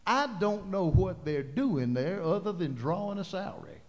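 A man preaching a sermon in a church, impassioned, building to loud, fervent preaching. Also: sits high, animated, moderate pace. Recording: hall reverb.

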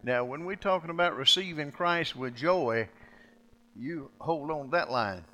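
An older man preaching a sermon, folksy and storytelling, swinging between loud preaching and quiet asides. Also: a little high, unhurried, lo-fi sound. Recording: long hall reverb.

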